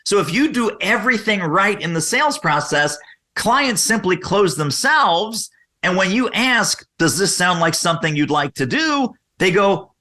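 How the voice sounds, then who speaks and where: A man guest on a podcast interview, explaining sales methods energetically and acting out quoted questions in lively voices. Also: high-pitched, normal speed.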